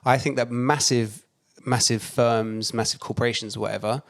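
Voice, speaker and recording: Quipping young podcast co-host. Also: male voice, mid-range voice, steady tone, moderate pace, a bit bright. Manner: short quipping interjections. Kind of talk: casual chat.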